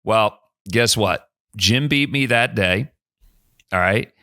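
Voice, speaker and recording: A man's voice: lowish voice, slow pace, dry recording, clean studio sound. A middle-aged man, a podcast guest, telling a story casually and acting out the people in it. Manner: animated, acts out dialogue in the anecdote.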